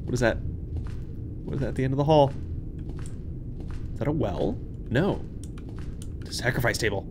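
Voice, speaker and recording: A young man hosting a horror game playthrough, talking to viewers, jumpy and swinging from hushed muttering to yelps. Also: medium pitch, lively intonation, normal speed, long pauses, noisy background. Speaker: gaming channel host. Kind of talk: horror game let's play commentary. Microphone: desk microphone.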